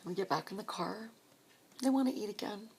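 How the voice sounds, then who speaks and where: A woman telling her own story of supporting grieving people, speaking softly and often dropping to a whisper, tearful at times. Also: mid-range voice, animated, a little fast, slight background noise. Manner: soft, hushed, often breaking into a whisper. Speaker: grief support volunteer. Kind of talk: personal storytelling.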